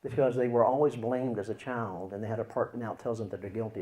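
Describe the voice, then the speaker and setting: A man teaching as a Christian counselor, explaining with acted examples and swinging between loud and hushed delivery. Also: mid-range voice, steady tone, fast, hardly any pauses.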